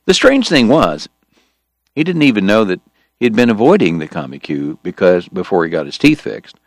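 A man reading a story aloud in a measured storytelling manner, voicing the characters. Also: on the low side, big pitch swings, dry recording, studio quality. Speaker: audiobook narrator. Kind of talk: scripted narration.

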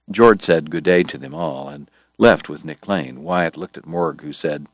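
Deep-voiced man narrating a story. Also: dry recording, studio quality. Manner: measured, storytelling. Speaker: audiobook narrator. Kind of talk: scripted narration.

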